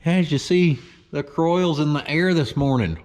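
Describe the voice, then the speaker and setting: A man's voice: fairly high pitch, a little slow, a little mellow. A man chatting casually and joking as he works on an old truck in his shop. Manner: folksy, joking, talks to himself and his dog. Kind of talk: casual workshop vlog narration.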